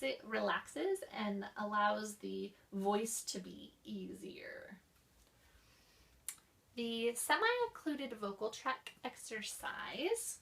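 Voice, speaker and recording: In a class presentation, a young woman walks through voice therapy exercises, coughing, sighing, and stretching words out to demonstrate. Her fairly high, creaky voice has a fairly bright tone and is captured from far away.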